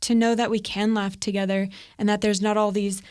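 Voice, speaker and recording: A woman's voice: medium pitch, little pitch movement, brisk, a little mellow, clear, resonant tone. A woman co-hosting a podcast with her husband, often backing him up with short agreements and adding her own points. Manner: affirming, chiming in with short agreements. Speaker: podcast co-host. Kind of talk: casual conversation with her husband.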